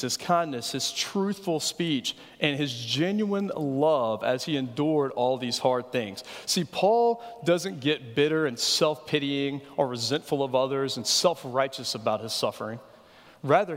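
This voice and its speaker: Man, pastor delivering a sermon; earnest, pleading, slightly high-pitched, with reverb from a large church hall. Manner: earnest, pleading rhetorical questions.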